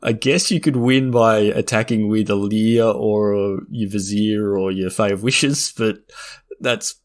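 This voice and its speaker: A man co-hosting a casual podcast about a trading card game, easygoing and quick to laugh. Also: lowish voice, steady tone. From Australia or New Zealand. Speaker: podcast co-host.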